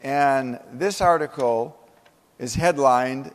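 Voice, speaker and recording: A man's voice: on the high side, lively intonation, normal speed. Man giving a keynote in an echoey hall. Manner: storytelling, humorous, emphatic. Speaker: keynote speaker. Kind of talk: motivational keynote speech. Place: conference hall.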